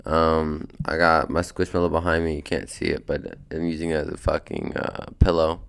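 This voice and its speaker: Sleepy low-voiced young man, gravelly. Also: level tone, moderate pace. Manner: laid-back, slangy, meandering, cursing. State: sleepy, just woken up. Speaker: podcast host. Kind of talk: casual rambling podcast chat. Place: at home, sitting in a beanbag.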